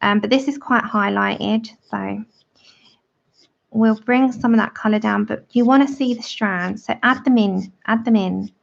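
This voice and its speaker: A woman's voice: medium pitch, measured pace, gravelly, highs cut off. A woman hosting a live colouring tutorial, chatting with viewers by name and laughing often as she works. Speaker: art livestream host.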